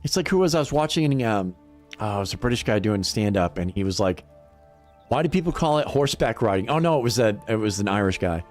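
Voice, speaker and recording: A man's voice: lowish voice, animated, fast talker, faint music behind. A middle-aged man chatting casually on a livestream, rambling and swearing, laughing often. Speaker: livestream gamer. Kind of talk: casual chat to stream chat.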